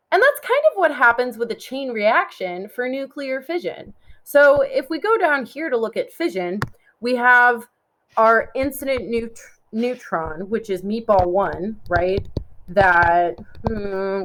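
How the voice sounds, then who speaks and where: A woman's voice: on the high side, animated, takes it slowly, a bit bright, slight background noise. A young woman giving a casual explainer as she draws, chatty and often checking in with the listener. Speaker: teacher. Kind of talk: casual explainer while drawing.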